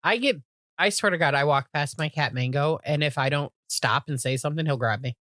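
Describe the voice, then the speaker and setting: A woman's voice: sits low, a little fast, fairly bright tone, no echo, clean studio sound. A woman co-hosting a casual podcast, talking in a playful, teasing way with casual swearing. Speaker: podcast co-host. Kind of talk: casual chat.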